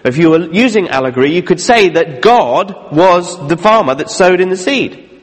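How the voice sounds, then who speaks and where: A man's voice: sits high, expressive, moderate pace, in a large hall. A man preaching a sermon in a conversational way, with jokey asides between readings. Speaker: pastor.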